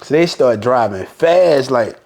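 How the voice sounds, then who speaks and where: A man's voice: mid-range voice, unhurried. A man with a Southern Alabama accent tells a story on a podcast, his speech loose and full of slang and cursing. He leans into every quote, acting out what each person said with plenty of life. His voice sits in a middle range for a man. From Mobile, Alabama. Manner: animated, acts out quotes, profane slang. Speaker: podcast guest. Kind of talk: casual storytelling chat.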